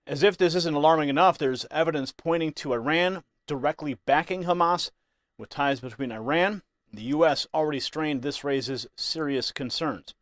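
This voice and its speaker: A man's voice: on the high side, moderate pace, no echo. A man narrating a scripted news commentary in an ominous, emphatic way.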